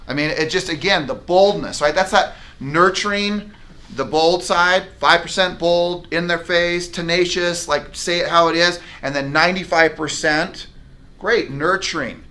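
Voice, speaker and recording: A man's voice: fairly high pitch, moderate pace. A man leading a live sales training for real estate agents, talking emphatically and acting out client conversations. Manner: energetic, emphatic, acts out client dialogues. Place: training room with a whiteboard.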